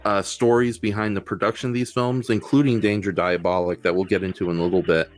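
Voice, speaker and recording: A man's voice: on the low side, flat delivery, fast talker, soft background music. A man hosting a casual film podcast, rambling with many fillers and restarts. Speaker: podcast host.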